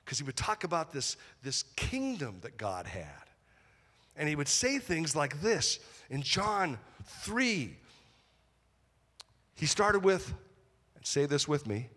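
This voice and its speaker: A man preaching a sermon as pastor, animated, leading the congregation to repeat lines back to him. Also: medium pitch, measured pace, pauses often. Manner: animated preaching with call-and-response. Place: church auditorium. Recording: long hall reverb.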